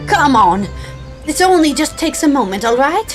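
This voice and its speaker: A woman voicing a gruff, pushy soldier woman with a put-on accent, barking her lines. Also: a little high, lively intonation, normal speed, over music, natural voice.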